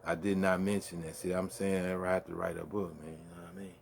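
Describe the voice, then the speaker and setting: A man's voice: low voice, flat delivery, quick pace, creaky, background noise. A man with a Brooklyn accent hosting a late-night solo rant from his man cave, full of boastful, profane trash talk. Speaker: host.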